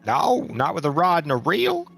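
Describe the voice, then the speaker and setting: A man's voice: on the high side, huge pitch swings, moderate pace, vocal fry, fairly bright tone, soft background music, voice pushed up, full character voice. A man voicing a conspiratorial male townsman who rants in a folksy way to stir up a crowd.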